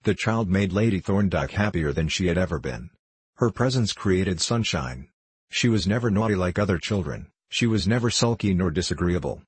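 A man narrating a novel in a measured, even storytelling manner. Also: deep voice, slightly rough, no echo. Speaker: audiobook narrator. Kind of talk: scripted narration.

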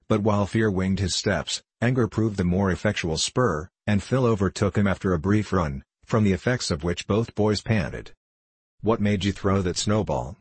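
A man narrates a storybook chapter in a very low, husky voice. The recording is dry and close, with no room sound. He reads the characters' lines evenly, without putting on voices. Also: no room sound. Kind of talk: audiobook narration.

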